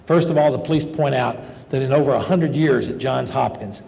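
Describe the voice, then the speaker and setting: Older male professor, gravelly and mellow, folksy storyteller in a reverberant hall. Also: medium pitch, a little fast. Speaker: medical school professor. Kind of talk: lecture with personal stories. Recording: lecture hall with long reverb and faint noise.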